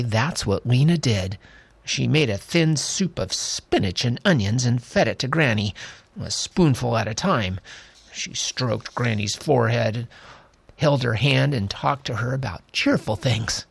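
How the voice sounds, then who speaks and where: A man slowly and expressively reading a children's novel aloud. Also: medium pitch, expressive, creaky, husky, dry recording. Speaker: storyteller.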